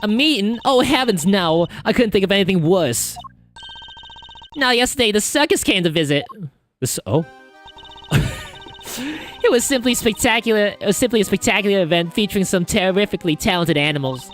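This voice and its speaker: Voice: medium pitch, lively intonation, fairly quick, faint music behind, natural voice. Player putting on a glamorous, gushing woman warden in a game; swooping, affected drawl, French flourishes. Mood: theatrical. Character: flamboyant woman prison warden, gushing, theatrical.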